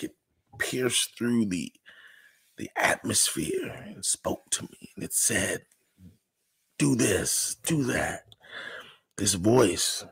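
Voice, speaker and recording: On a livestream, a man speaks loosely about faith and success in a casual, inspirational way, packing in plenty of "you know"s and sometimes sinking into a whisper. His voice sits on the lower side and is slightly rough, with no room sound.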